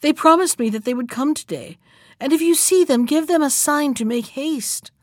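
A terrified young wife from a storybook, pleading and tearful, as a woman puts her on. Her voice rises high and strained, recorded dry and close. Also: normal speed, no echo, close to an everyday voice.

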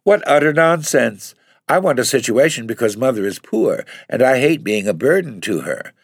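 A man's voice: big pitch swings, moderate pace, breathy edge, dry recording, clean studio sound. A man reading aloud, voicing an eager, earnest young woman looking for work in a storybook. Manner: eager, earnest, raised pitch. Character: young eager impoverished woman job-seeker.

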